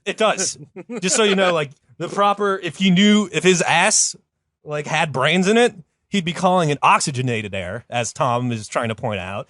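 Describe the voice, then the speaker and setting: A man hosting a comedy podcast, telling a story in a rambling, casual way with lots of fillers, and jumping up in pitch when he quotes someone. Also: normal speed, fairly bright tone, no room sound, studio quality. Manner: rambling, many fillers, jumps high for quoted voices.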